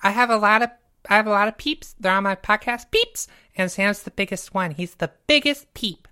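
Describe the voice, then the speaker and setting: A woman's voice: medium pitch, expressive, moderate pace, pushed and bright, clear, resonant tone. A woman voicing a goofy, boastful young male podcaster who rambles and stammers and insists he never cries. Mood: silly. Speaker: podcast co-host. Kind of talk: comedic podcast banter.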